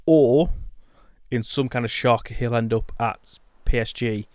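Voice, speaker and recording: A man's voice: medium pitch, unhurried, a little mellow, no echo. A man co-hosting a podcast in casual football chat, giving his opinions in a matter-of-fact way. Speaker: podcast co-host.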